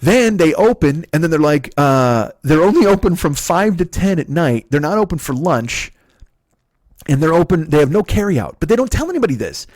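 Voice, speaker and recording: A man in his forties from Chicago tells stories on his solo comedy podcast in a profane, exasperated rant. His speaking voice sits a little high. The recording is close and dry. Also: very animated, normal speed, a little mellow, no room sound. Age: 40s. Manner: profane, ranting, exasperated storytelling.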